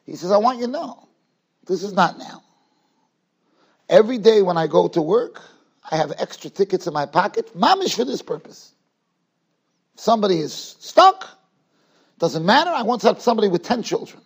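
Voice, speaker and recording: Husky high-voiced rabbi telling a story. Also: male voice. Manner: animated, acts out dialogue, stretches words for emphasis. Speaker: rabbi giving a Torah class. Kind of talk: Torah class storytelling. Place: yeshiva study hall.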